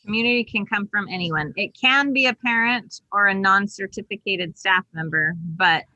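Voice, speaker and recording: A woman's voice: mid-range voice, moderate pace, bright, forceful tone, no room sound, lo-fi sound. A woman chairing an online meeting over a video call, explaining procedures step by step in casual talk.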